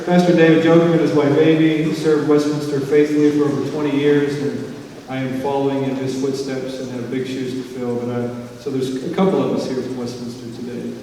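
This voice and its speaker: A man's voice: medium pitch, level tone, fairly quick, dark tone, slight background noise. A male pastor giving a sermon in a church, greeting the congregation with light joking asides before reading scripture and praying. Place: church sanctuary. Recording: echoey church from far off.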